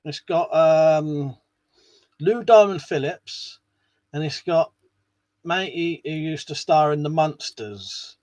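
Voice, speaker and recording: A man's voice: a little high, slow pace, a little mellow, no room sound, highs cut off. A man hosting a casual live stream, chatting to viewers in a rambling way and swearing now and then. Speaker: live stream host reading chat.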